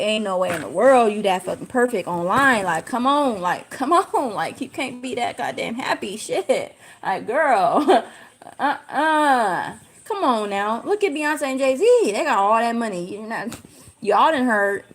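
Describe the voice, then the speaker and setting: A young woman ranting on a casual livestream, blunt and profane. She piles up slangy asides and talks with lots of animation. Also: mid-range voice. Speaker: livestream host.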